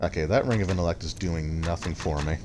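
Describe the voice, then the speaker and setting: A man's voice: low voice, fast talker. A man streaming a video game, rambling and thinking aloud as he chats with his viewers. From Canada. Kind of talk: casual gameplay commentary. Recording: loud steady background noise.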